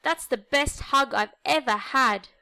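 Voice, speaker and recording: A woman voicing a small, cheerful girl toy mouse who talks in a squeaky, chirpy way. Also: a little slow, creaky, pushed and bright, full character voice. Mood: grateful.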